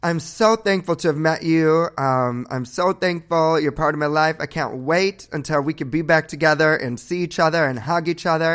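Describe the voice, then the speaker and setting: A man hosting a morning show, talking in a slightly high voice. He gushes and whoops, piling on thanks and affection for his listeners. His delivery stays upbeat, chatty and effusive. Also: normal speed, few pauses, a bit bright, clean tone. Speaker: podcast host. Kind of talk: upbeat show sign-off chat.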